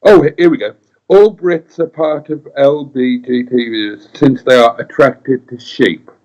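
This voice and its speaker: A middle-aged man with a Welsh accent chats on a casual live stream, wry and playful. He reads viewer comments aloud and answers them at an easy, middle pitch. The sound is dull and a little lo-fi. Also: measured pace, darkish tone. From Wales. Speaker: co-host.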